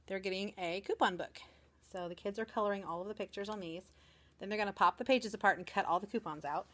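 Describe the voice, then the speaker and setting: An elementary school teacher in her forties chats casually and upbeat in her indoor classroom, showing things to a handheld camera for a vlog. She's chatty and cheerful, and she acts out kids in a high voice.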